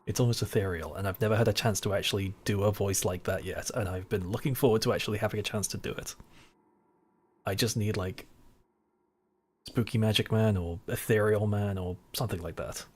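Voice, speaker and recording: A man's voice: on the low side, a little fast. A young man, a voice actor, chatting casually while he streams a video game, enthusiastic about the voices he hears. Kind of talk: casual gaming stream chat.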